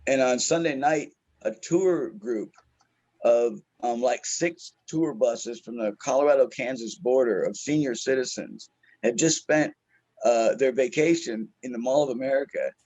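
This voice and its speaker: Profane storytelling comedian, husky and lo-fi. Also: male voice, mid-range voice, a little slow, a little mellow. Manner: profane, laughing, slangy ("dude", "man"). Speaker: stand-up comedian, guest. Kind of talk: casual storytelling.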